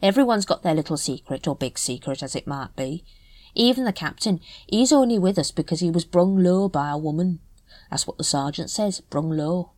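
A woman voicing a shifty, scruffy older male night watchman who mutters evasively in rough slang. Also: on the low side, expressive, moderate pace, a little mellow, dry recording. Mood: grumbling.

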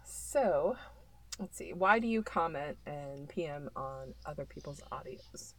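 A woman's voice: sits low, lively intonation, unhurried, a bit bright. A woman hosting a casual interview, giggly and enthusiastic with her guest.

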